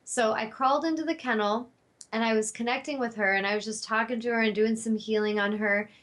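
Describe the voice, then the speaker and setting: A woman's voice: fairly high pitch, fairly even intonation, brisk, a bit bright. A woman hosting her own show, telling a personal story in a heartfelt, spiritual way, rambling a little with fillers. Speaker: talk show host.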